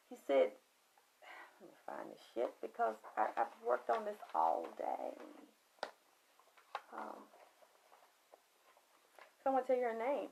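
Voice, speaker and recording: High-pitched woman ranting a spiritual story, preachy and profane, kinda muffled recording. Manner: emphatic, preachy, swings from shouting to hushed. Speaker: spiritual talk host.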